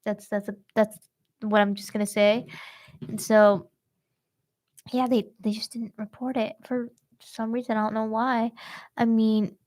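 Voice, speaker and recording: Slangy, high-voiced young woman. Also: measured pace, pauses often. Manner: slangy, animated storytelling. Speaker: true-crime podcast host. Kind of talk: casual podcast chat.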